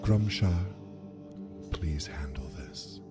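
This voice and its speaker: A man voicing a cold, malicious telepathic mind flayer in a low, slow whisper. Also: animated, loud music behind the voice, exaggerated voice. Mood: disdainful.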